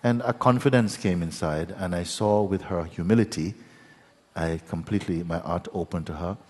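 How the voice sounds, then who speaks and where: A man with a very low, husky voice leads a satsang, telling his story gently and meanderingly, full of restarts and little tag questions. His voice rings out in a big hall with a long reverb. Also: moderate pace. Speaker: spiritual teacher. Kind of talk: satsang talk.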